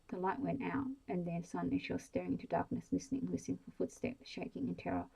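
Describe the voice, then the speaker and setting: A woman reading a bedtime story aloud in a soft, hushed ASMR style, slow and even. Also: fairly low pitch, gravelly, husky, low-quality recording.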